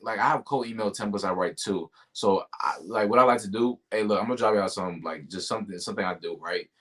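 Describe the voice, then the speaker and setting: A man's voice: fairly low pitch, fairly bright tone, slightly rough. A man being interviewed about his sales job, talking casually and animatedly, full of slang like "yo" and "bro". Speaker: guest, tech sales rep.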